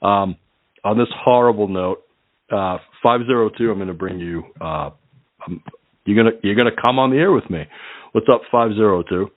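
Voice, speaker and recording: Low-voiced man hosting crude call-in radio. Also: normal speed, no room sound. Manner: crude jokes, frequent laughter, rambling. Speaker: radio show host. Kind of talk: casual call-in radio banter. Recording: tinny phone-like line.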